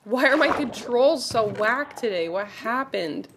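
A woman giving casual commentary while playing a video game, excitable and gasping, often dropping to quiet murmurs. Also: on the high side, a little slow, noisy background. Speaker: gaming streamer.

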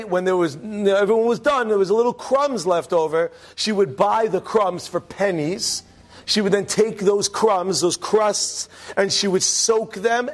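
A man, a rabbi, telling a story to a class in a lively way, acting out the quotes and asking the audience questions. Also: sits high. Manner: animated, acts out quotes, asks the audience questions.

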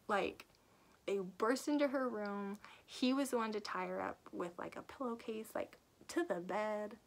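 Animated woman reviewing a book. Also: mid-range voice, measured pace, creaky. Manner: lively retelling with acted character quotes; laughs often while talking. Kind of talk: casual book review vlog.

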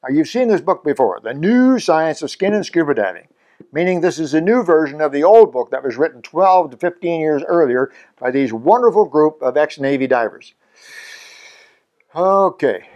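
A man's voice: on the high side, expressive, moderate pace, darkish tone, highs cut off. A man in his seventies from Canada, a scuba instructor hosting his own channel, talking casually to the camera in a chatty, self-mocking way with chuckles between points. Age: 70s.

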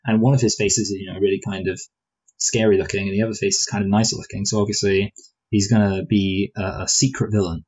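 A man with a low, somewhat husky voice talks through a film review in a loose, rambling way. He often restarts his sentences and drifts into playful what-if asides. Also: little pitch movement, fast, darkish tone, rough recording. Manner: rambling, hesitant, full of restarts and fillers. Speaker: film review podcast co-host. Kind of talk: casual film review chat.

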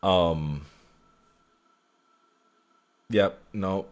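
Young man, gameplay commentary, self-critical muttering, a bit low-pitched. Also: measured pace, darkish tone. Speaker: gaming channel host. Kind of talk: casual let's play commentary.

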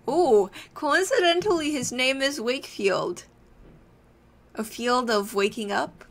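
A woman's voice: high voice, lively intonation, slow, fairly bright tone. A woman casually commenting as she plays a game, chatty and reacting aloud. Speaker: let's play gamer.

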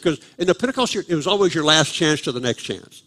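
A man's voice: medium pitch, expressive, fast talker, creaky, few pauses, fairly bright tone. An older man, preaching a sermon at a live church service and telling a humorous, self-deprecating story about his past. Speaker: guest preacher.

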